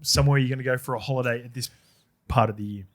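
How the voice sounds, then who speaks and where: A man's voice: medium pitch, steady tone, rapid-fire. An Australian man hosting a sports podcast, chatting casually, swearing and laughing easily, and slipping into ad reads. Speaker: podcast host. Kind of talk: casual chat with live ad reads.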